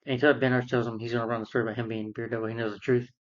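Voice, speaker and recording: A man's voice: mid-range voice, flat delivery, racing. A man giving a casual spoken film review, retelling the plot in a rambling, repetitive way. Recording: dull, muffled lo-fi sound.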